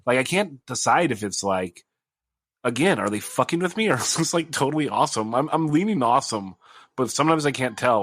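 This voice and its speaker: A man's voice: mid-range voice, lively intonation, fairly quick, fairly bright tone, no echo. A man hosting a podcast in casual chat, laid-back and swearing freely. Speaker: podcast host.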